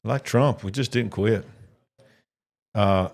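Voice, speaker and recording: A man's voice: medium pitch, unhurried. Man, easygoing live-stream host who chats and snacks on air. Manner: chatty, eating and reading viewer comments on air. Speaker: livestream host. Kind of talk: casual live election-night chat.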